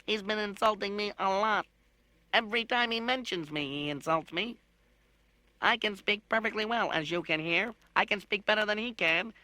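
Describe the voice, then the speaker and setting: A man voicing a haughty, irritable little male robot in an audiobook, with a high, clear, almost musical tenor and a pompous, condescending manner. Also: normal speed, bright, forceful tone, dry recording. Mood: indignant. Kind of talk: audiobook narration with character voices.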